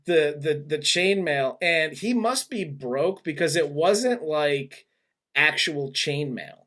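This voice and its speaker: Male podcast host, slightly high voice, rambling, animated, profane casual review chat. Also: slow pace. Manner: rambling, animated retelling with laughs and swearing.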